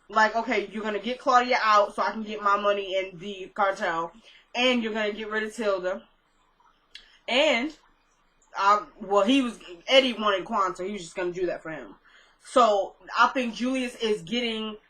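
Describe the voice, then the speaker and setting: A woman with a bright, forward voice talks through a TV episode recap. She retells scenes in a chatty, offhand way, slipping into quoted lines and her own asides. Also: medium pitch, poor audio. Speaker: recap vlogger.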